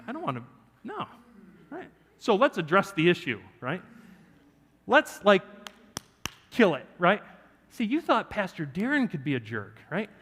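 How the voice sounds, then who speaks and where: A man preaching a sermon, telling a personal story with jokes for the congregation. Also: high voice. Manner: animated, joking with the congregation. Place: church sanctuary. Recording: church hall reverb.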